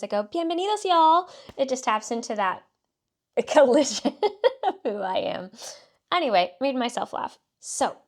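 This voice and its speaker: A woman from South Texas with a light Southern country twang hosts a solo podcast. She speaks at an ordinary middle pitch and coaches her listeners in an upbeat, direct manner. She often steers with a quick "okay" and "let's say". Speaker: podcast host and marketing consultant.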